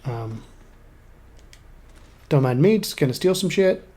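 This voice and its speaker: A man's voice: on the high side, animated, slow, mellow, husky. A man casually commenting on his game as he plays, chatty and irreverent, swearing offhand. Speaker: gamer playing through the story.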